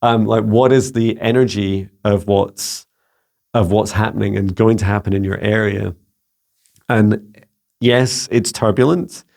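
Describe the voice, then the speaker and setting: This Scottish psychic mentor speaks in a lowish, slightly mellow voice with vocal fry, fairly even intonation, and a measured pace. Hosting his spiritual guidance channel, he muses casually and searches for words, saying "you know" and "um" often.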